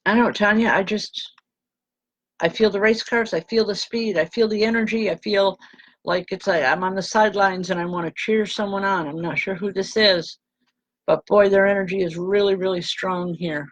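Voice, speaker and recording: A woman reverend giving live spirit readings to viewers, speaking gently and haltingly and calling people by name. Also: medium pitch, fairly even intonation, low-quality recording.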